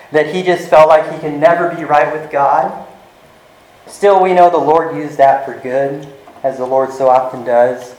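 A male pastor preaching a sermon in an earnest way, slowing down and dropping to a soft voice to stress his points. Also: on the high side. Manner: earnest, varies volume, slows for emphasis. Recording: echoey room.

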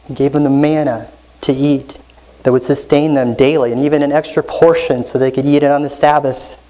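Male pastor for a teaching sermon: steady explanatory delivery, keeps checking in with the room through rhetorical questions, reads scripture aloud. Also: a little high, low-quality recording. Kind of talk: expository sermon.

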